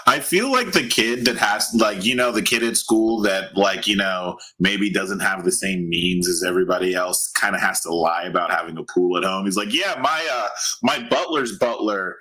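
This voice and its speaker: Bright-voiced jokey man. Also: sits low, moderate pace, few pauses, rough recording. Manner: animated, jokey storytelling. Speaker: podcast co-host. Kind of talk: casual chat.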